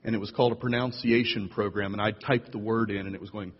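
A man preaching a sermon as pastor, playful and animated, jumping up in pitch to tease and draw in his listeners. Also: fast talker, slightly rough. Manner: playful, animated storyteller with big jumps in pitch. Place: church sanctuary. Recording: lo-fi echoey hall recording.

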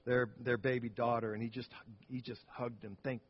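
Man, pastor, sermon, earnest storytelling, restarts phrases, mid-pitched voice, muffled lo-fi sound. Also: flat delivery, moderate pace, slight background noise.

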